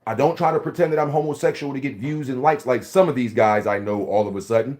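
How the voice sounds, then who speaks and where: A man in his forties with a Philadelphia accent talks straight to camera in a loose, casual monologue. He rants bluntly, swears freely and keeps circling back to the same point. His voice sits at an ordinary middle pitch. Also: quick pace, hardly any pauses, darkish tone. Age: 40s. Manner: blunt, profane, repetitive ranting. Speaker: vlogger.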